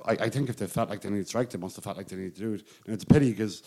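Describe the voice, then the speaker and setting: Fast-talking low-voiced Irish man. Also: warm tone. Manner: rambling anecdotal storyteller, laughs often. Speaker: podcast co-host. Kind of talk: casual sports chat.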